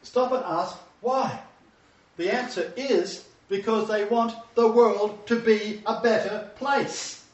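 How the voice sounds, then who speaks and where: A man's voice: sits high, steady tone, slow pace. A man preaching a sermon lecture, emphatic and repeating his key phrases. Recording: distant, roomy, dull sound.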